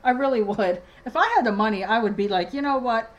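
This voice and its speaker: A woman's voice: a little high, a little fast, poor audio. Agitated woman ranting at home. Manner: agitated, rambling with many restarts and fillers. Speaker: vlogger. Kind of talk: casual ranting vlog. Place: home dining room.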